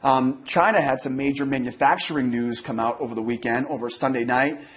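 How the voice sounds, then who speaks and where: A man's voice: medium pitch, steady tone, fairly quick. An American man in his thirties giving casual, rambling day trading market commentary, talking with many fillers and restarts. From United States. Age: 30s. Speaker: day trading newsletter host.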